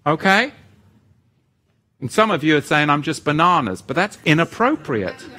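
A middle-aged man preaching a sermon, animated, moving between intense emphasis and joking asides. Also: fairly high pitch, moderate pace.

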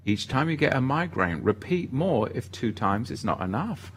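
A man's voice: medium pitch, big pitch swings, moderate pace, slightly rough. A man hosting a ministry livestream, chatting casually and reading viewer comments aloud in an upbeat way.

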